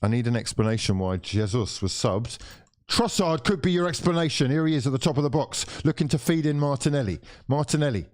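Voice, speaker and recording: Sighing, cursing and feigning despair, a man hosts a live football watchalong and narrates the play as it unfolds. He speaks in a medium pitch, fairly quickly and expressively, with a slightly mellow quality, offering live reaction and commentary.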